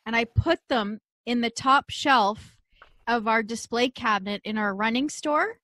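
A woman's voice: on the high side, unhurried, a bit bright, no room sound. Bubbly, laughing Canadian-raised woman host. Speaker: podcast co-host. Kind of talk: casual podcast interview.

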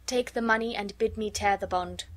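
A woman reading the lines of a young woman posing as a wise counsellor, grave and measured, in a storybook. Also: mid-range voice, a bit bright, lightly acted.

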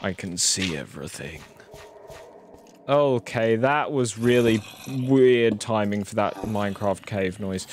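A man's voice: lowish voice, lively intonation, slow. A man streaming a video game, rambling casually and swearing as he plays. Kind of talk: casual live-stream commentary. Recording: noisy home stream recording.

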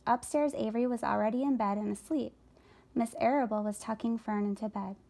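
A woman reading a children's book aloud for a school, calm and even. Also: a little high, brisk, gravelly. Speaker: story reader for a school. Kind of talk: read-aloud storytelling.

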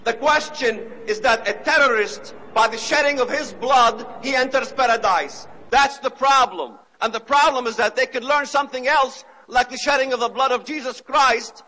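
A man giving an impassioned speech, emphatic and repetitive, now and then rising to shouts. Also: very high voice, moderate pace, hardly any pauses, poor audio. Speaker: speaker.

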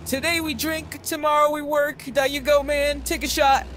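A man's voice: very high voice, flat delivery, normal speed, a bit bright, a little hiss or hum, voice pushed up. A man voicing a happy-go-lucky drunk young man who keeps repeating himself cheerfully, in a read-aloud novel. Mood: boozy cheer.

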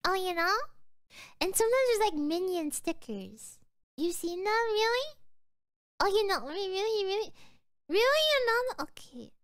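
A woman's voice: very high voice, very animated, a little slow, long pauses, fairly bright tone. A sleepy young woman streamer rambling drowsily as she chats to her viewers, often trailing off. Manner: chatting to viewers. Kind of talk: casual livestream chat.

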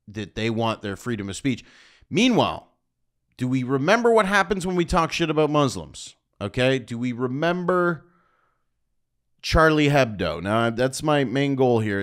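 Male comedian host, sardonic rambling rant, smooth clear voice, mid pitch. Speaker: stand-up comedian and show host.

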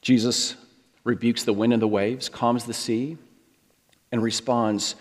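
A man's voice: mid-range voice, steady tone, a little slow. A middle-aged American man preaching a sermon, storytelling and acting out the voices he quotes. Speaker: pastor. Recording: long hall reverb.

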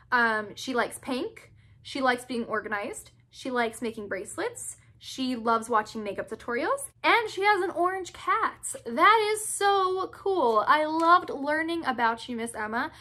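A woman's voice: high-pitched, pushed and bright. A young woman chatting bubbly and gushing as she opens fan mail for her vlog. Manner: bubbly, gushing, quick to squeal. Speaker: YouTuber opening fan mail. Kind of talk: casual vlog chat.

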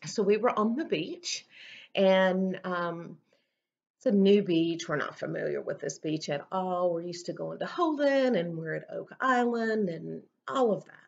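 Woman pastor preaching, earnest and chatty like telling a story, kinda low and gravelly, dull lo-fi recording. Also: unhurried. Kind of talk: sermon.

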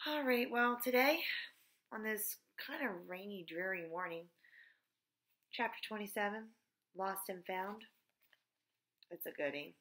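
A woman reads a children's chapter book aloud in a cheerful, chatty way. Her voice is bright and clear, pitched in an ordinary middle range. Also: measured pace, pauses often.

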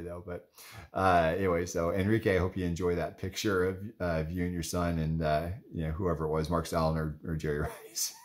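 Low male voice, young adult card collector, loose rambling off-the-cuff commentary. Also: a little mellow. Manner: rambling and chatty, lots of "like" and "anyways". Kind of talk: casual running commentary while flipping through cards.

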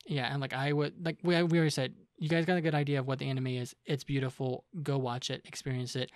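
A man's voice: medium pitch, level tone, quick pace, no echo, studio quality. A young man co-hosting a casual podcast chat, talking loosely with many fillers as he retells scenes. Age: young adult. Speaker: podcast co-host.

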